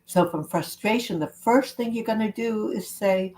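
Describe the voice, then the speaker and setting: A woman love coach giving an earnest, gentle self-help talk to camera, with spiritual wording. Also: medium pitch, normal speed, low-quality recording.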